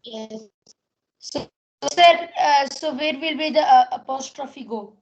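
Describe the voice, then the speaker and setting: A student with a high, gravelly voice asks her teacher a question slowly and haltingly. She fills the gaps with "uh" and "sir", and sounds far from the mic. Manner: hesitant, full of "uh" and "sir".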